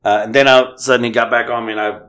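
A man's voice: mid-range voice, fairly even intonation, very fast, fairly bright tone. A man in his fifties on a podcast, telling casual family stories and acting out the voices with a laugh. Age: 50s. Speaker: podcast host. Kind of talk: casual storytelling chat.

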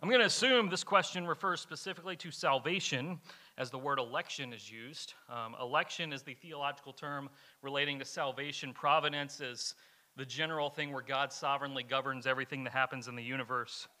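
A male pastor delivers a sermon in a very bright, ringing voice set a little high. He speaks earnestly and with emphasis, often repeating key lines for weight. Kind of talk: sermon, question and answer. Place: church, streamed live.

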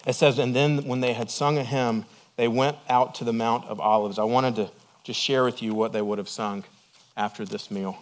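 A middle-aged man, a lead pastor, preaching a sermon with earnest emphasis that swells to strong peaks and falls to quiet, reflective lows. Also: steady tone, moderate pace.

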